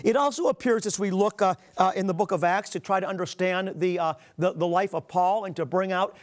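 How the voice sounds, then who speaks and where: A man preaching a sermon, earnestly reading scripture aloud and calling his listeners "beloved". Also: sits high. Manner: reads scripture aloud with emphatic pauses.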